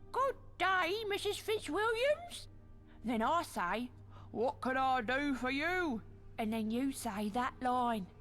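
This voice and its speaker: An actress playing a chatty, polite innkeeper who is fussy about manners. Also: female voice, high-pitched, a bit bright, exaggerated voice.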